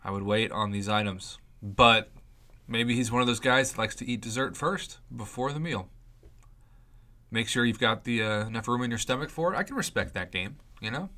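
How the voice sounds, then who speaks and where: A man commentating on mobile game crystal openings for his YouTube channel, excitable and playfully dramatic, pleading out loud for good results. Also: mid-range voice, normal speed.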